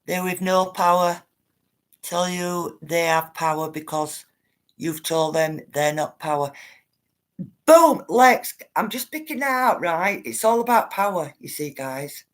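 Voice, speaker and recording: A woman with a fairly low, lively voice speaks a little slowly while hosting a casual livestream. Addressing her viewers directly, she reads their comments aloud and drives home each blunt, emphatic point by repeating it.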